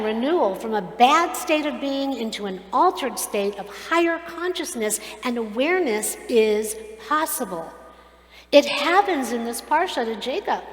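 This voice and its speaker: Woman rabbi preaching in an echoey hall. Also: high voice. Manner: storytelling, earnest and expressive, acting out quoted voices. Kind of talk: sermon. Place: synagogue sanctuary. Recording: echoey hall with long reverb.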